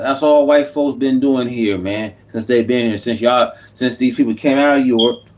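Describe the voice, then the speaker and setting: A man's voice: medium pitch, darkish tone. A man, delivering an unscripted, impassioned political monologue as a YouTube commentator, repeating himself and preaching.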